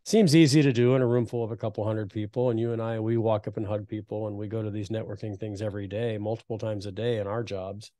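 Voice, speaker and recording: A man in his fifties hosting a podcast, telling reflective, earnest stories in a relaxed conversational way. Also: fairly low pitch, quick pace, hardly any pauses, no echo. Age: 50s. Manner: reflective, earnest storytelling with frequent restarts. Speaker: podcast host.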